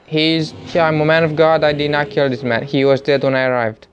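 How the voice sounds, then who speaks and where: A man giving jokey let's play commentary, with excitable, panicky outbursts. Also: a little high, brisk, muffled recording, slight background noise. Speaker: gamer.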